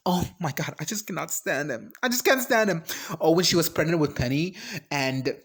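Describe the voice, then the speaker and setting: A vlogger giving an animated, exasperated reaction rant, sarcastic and emphatic, breaking into high shrieks. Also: moderate pace, breathy edge. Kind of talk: ranting reaction commentary.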